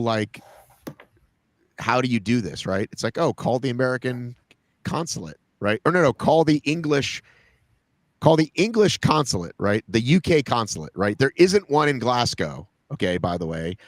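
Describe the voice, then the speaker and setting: A man's voice: mid-range voice, no room sound. A man hosting a podcast, telling a long story in casual chat, padding his talk with "like" and "right?". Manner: rambling, fills talk with "like" and "right?". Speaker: podcast host.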